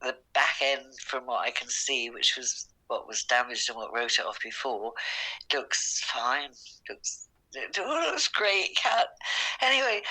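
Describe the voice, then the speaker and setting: An older British woman talks over the phone with a bright, forceful voice. She tells her story in a chatty, rambling and emotional way, tumbling from one detail to the next. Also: rumbling low, expressive, moderate pace, rough recording. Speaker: podcast host's mother on a phone call. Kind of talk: excited phone chat. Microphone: phone call recording.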